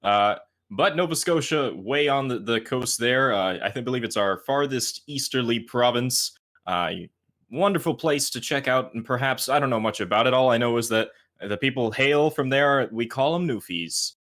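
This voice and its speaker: Male caster, mid-pitched, jokey play-by-play banter. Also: moderate pace, fairly bright tone. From Canada, Toronto. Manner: playful, joking. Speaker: esports caster. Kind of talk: esports match commentary.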